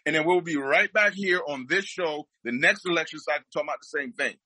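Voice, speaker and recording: A man's voice: fairly high pitch, fairly quick, bright, forceful tone, breathy edge, no room sound, rough recording. A man speaking as a guest, giving impassioned political commentary and repeating his points for emphasis.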